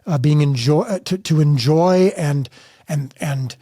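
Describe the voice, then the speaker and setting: Guest filmmaker, middle-aged man from the States, earnest and emphatic, mellow and dry. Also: a little high, measured pace, dry recording. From United States. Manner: earnest, emphatic storytelling with restarts. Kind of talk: candid interview conversation.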